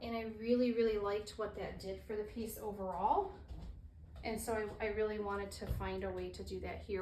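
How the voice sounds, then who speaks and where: A woman with a medium-pitched, slightly mellow voice demonstrates fluid art in a casual tutorial, talking through her process aloud and dropping apologetic asides. Her intonation stays fairly even at a normal speed, and the roomy studio sounds echoey with a faint hiss.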